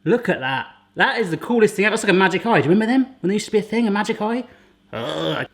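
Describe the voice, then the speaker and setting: A man's voice: high-pitched, animated, rapid-fire, gravelly. A man hosting a casual cooking demonstration in a home kitchen, chatty and jokey, with rambling asides. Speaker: cooking channel host.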